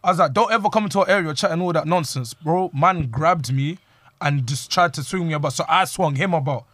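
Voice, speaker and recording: A man's voice: a little high, brisk, a bit bright, no room sound. Young man telling stories. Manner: slangy, acts out quoted lines. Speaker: storyteller. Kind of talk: animated casual storytelling with friends.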